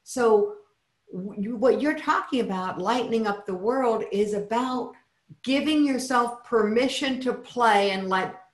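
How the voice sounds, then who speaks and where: A woman hosting a podcast interview in a playful, animated conversational way. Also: a little high, a little slow. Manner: playful and animated, with frequent laughs. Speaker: podcast host. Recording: roomy echo.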